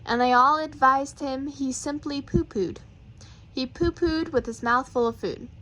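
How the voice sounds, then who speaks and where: A woman reading children's poems aloud, with playful, rhythmic and expressive delivery. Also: high-pitched, a little slow, slight background noise, rough recording. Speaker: reader.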